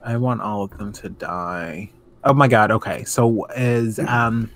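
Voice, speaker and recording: A man's voice: lowish voice, measured pace, fairly bright tone. A man co-hosting a casual podcast chat, ranting animatedly and swearing freely. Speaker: podcast co-host.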